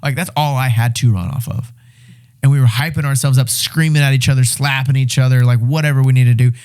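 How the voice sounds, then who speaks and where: A young man speaks as a podcast guest in a mellow, warm voice. His telling is animated, and he leans into a survival story with swearing, restarts and bursts of energy. The talk is casual and conversational. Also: medium pitch, quick pace, clean tone. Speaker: podcast guest, reality show winner.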